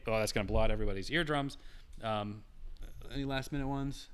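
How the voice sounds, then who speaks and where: Hosting a casual livestream, a young man reads viewers' messages out loud with gratitude and frequent restarts. His mid-range voice is fast and fairly even in intonation.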